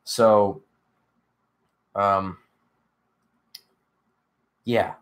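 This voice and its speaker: A man's voice: on the low side, little pitch movement, very slow. A sleepy young man hosting a casual live stream, rambling with lots of fillers and answering chat. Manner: rambling, filler-heavy, reads chat aloud. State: sleepy, yawning. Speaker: livestream host.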